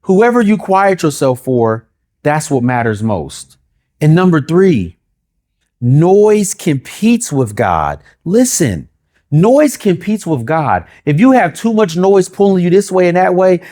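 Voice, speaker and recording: Preaching man with a higher voice. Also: sing-song, normal speed, a little mellow. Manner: rhythmic preaching with repeated phrases and rhetorical questions. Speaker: pastor. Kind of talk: sermon.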